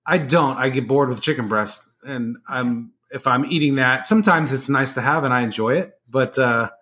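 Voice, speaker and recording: A man's voice: mid-range voice, moderate pace, bright, forceful tone. A man in his forties, a guest in a casual interview, answering in a plain, matter-of-fact way. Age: 40s.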